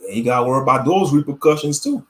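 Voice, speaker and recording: A man's voice: medium pitch, animated, rapid-fire. A man giving casual religious commentary online, slangy and preachy, often laughing.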